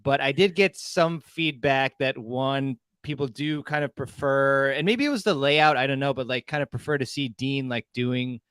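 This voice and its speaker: A man from Canada hosts a live stream, chatty and relaxed as he reads out viewer comments. His voice is smooth and clear, recorded close and dry, with no room sound. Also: medium pitch, moderate pace, few pauses, no echo. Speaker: host.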